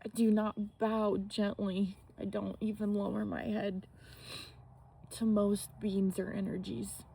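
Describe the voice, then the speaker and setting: Slow, soft-toned woman in a spiritual reflection. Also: medium pitch, flat delivery, vocal fry, slightly rough. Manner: slow, halting, emotional, with frequent restarts and soft whispered asides. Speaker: spiritual vlogger. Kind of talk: personal reflective monologue. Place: outdoors.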